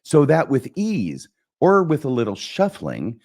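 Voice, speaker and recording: A man's voice: medium pitch, wildly swooping pitch, measured pace, darkish tone, pitched above the performer's own voice, exaggerated voice. A man reading a scheming king's verse lines aloud in a plain reading voice. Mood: persuasive. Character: scheming middle-aged male king, persuasive.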